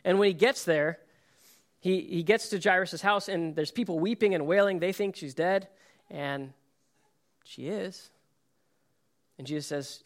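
A man giving a sermon as pastor, reading scripture and then speaking earnestly, dropping to soft, quiet phrases and building to emphatic points. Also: on the high side, normal speed, pauses often.

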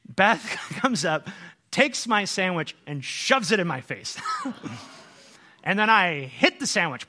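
A middle-aged male pastor delivers a sermon as a lively story, slipping into the voices of the people he quotes. His voice sits a little high and sounds bright and forward. He talks in a loose, conversational way with many restarts. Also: fairly quick. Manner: animated storytelling, acts out quotes.

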